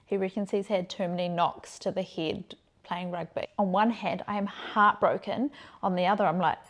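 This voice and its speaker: A woman's voice: mid-range voice, steady tone, normal speed. A woman hosting a podcast, telling personal stories in a frank, playful way and laughing easily. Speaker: podcast host, sexologist. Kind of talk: candid chatty storytelling.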